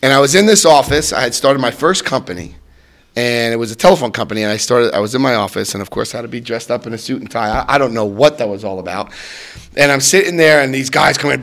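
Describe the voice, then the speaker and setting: A man in his fifties telling a personal recovery story to an audience, acting out quotes with sudden jumps in pitch and loudness. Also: fast talker. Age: 50s. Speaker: recovery speaker.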